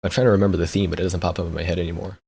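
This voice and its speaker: A man's voice: low-pitched, flat delivery, racing, creaky, a little mellow, a little hiss or hum. A young man streamer chatting casually, rambling, repeating words and laughing often. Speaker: VTuber streamer.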